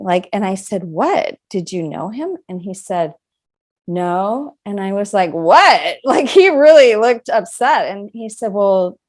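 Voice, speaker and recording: A woman's voice: on the low side, creaky, darkish tone. A middle-aged woman, an author guest in an interview, telling a personal story in an earnest, reflective way. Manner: earnest, reflective, acts out quoted dialogue.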